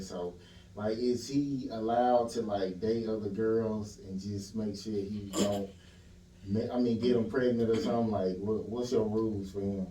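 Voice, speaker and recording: A man hosting a casual podcast, talking in loose slang and trailing off into filler phrases. His voice is mellow and dark, picked up from a distance in an echoey room. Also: fairly low pitch. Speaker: podcast host. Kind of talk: casual interview chat. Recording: roomy room, distant mic, faint hiss.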